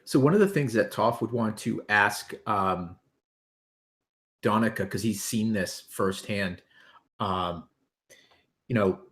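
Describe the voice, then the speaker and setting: A man with a low voice plays in a tabletop game. He talks casually with fillers, describing his character and speaking lines for him. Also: fairly bright tone. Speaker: player.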